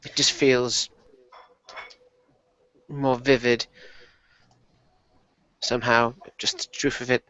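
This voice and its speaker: A man's voice: mid-range voice, level tone, slow, long pauses, pushed and bright, highs cut off. Man playing a tabletop game. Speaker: player. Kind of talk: tabletop role-play in character.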